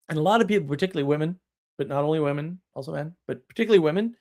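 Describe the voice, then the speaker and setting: A man's voice: fairly high pitch, racing, a little mellow. A man hosting a live stream, talking in a casual monologue that rambles with restarts and chuckles, blunt and wry.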